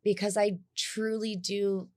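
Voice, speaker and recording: A woman's voice: medium pitch, little pitch movement, slow, darkish tone. A woman actor co-hosting a podcast, talking casually and thoughtfully about her work. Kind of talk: casual chat.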